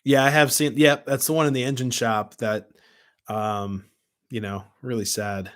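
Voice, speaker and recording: A man's voice: mid-range voice, little pitch movement, a little slow, fairly bright tone. A man casually hosting a live stream from home, rambling through his points and answering viewer comments as he goes. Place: home room with model trains. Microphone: camera mic at his desk.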